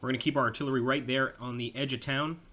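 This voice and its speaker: Cheering his units on with excitement, a young Southern-drawling gameplay commentator narrates a strategy-game battle in let's play style. His medium-pitched voice is bright and forward, moving at a quick pace over a faint background hum.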